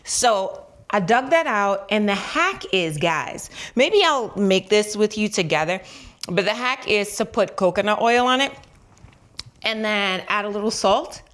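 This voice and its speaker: A woman's voice: mid-range voice, animated, unhurried, a bit bright. A young woman vlogging casually at home, chatty and playful, talking while chewing gum. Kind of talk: casual chat to camera.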